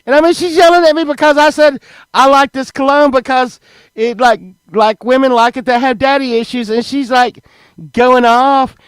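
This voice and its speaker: A man's voice: very high voice, fairly even intonation, normal speed, a bit bright, clean tone, no room sound. A man, telling stories in a rambling, casual way to a live chat, restarting words and swearing freely.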